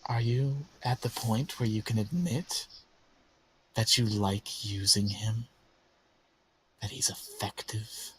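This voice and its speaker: A man voicing a sinister female spirit who tempts and taunts in a soft, coaxing voice. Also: fairly low pitch, fairly even intonation, slow, pauses often, slight background noise, voice pushed down. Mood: coaxing menace.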